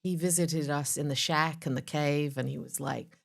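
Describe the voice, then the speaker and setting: Low-pitched woman, interview host, supportive and reflective, easy conversational delivery. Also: fairly even intonation, moderate pace, creaky. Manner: affirming, reflective listener. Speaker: podcast host.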